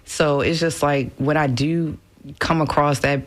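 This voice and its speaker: A cheerful woman in her forties, a guest chatting about animal rescue in a radio studio, upbeat and quick to laugh. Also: sits low, steady tone. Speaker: animal rescue founder and hair stylist, guest. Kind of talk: casual radio interview chat.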